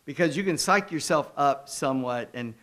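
Folksy preacher telling stories. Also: male voice, fairly high pitch, lively intonation, normal speed, a bit bright. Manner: folksy, self-deprecating humor, frequent asides. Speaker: pastor. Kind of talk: conversational sermon with personal anecdotes.

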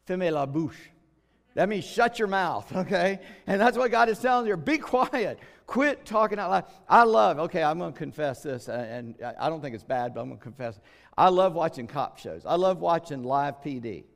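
A man's voice: fairly high pitch, animated, vocal fry. Folksy preacher man in a reverberant hall. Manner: folksy, chatty, with jokes and quick asides. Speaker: pastor. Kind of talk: sermon.

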